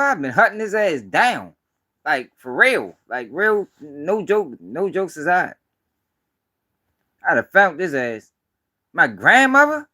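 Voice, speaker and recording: A man from Baltimore rants through casual live-stream commentary, blunt and heavy on the profanity. His voice sits fairly high for a man, and he hammers his points home with emphatic repetition. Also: sharp tone. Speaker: street news commentator.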